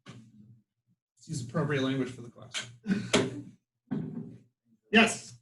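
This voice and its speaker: A man teaching a literature class in a classroom, lively and full of rhetorical questions, often asking "right?". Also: medium pitch, slow pace, heavy background noise. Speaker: high school literature teacher.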